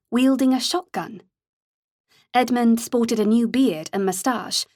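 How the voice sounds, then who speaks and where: A woman narrating an audiobook in a measured, steady storytelling manner. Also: a little high, dry recording, studio quality.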